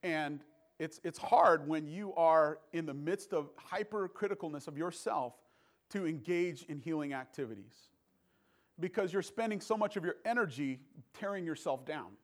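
Male preacher, earnest and halting, voice a bit high. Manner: earnest, halting, repeats words. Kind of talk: sermon.

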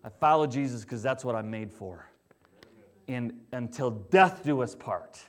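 A man preaching a sermon in a conversational, animated way. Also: medium pitch, measured pace. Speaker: pastor.

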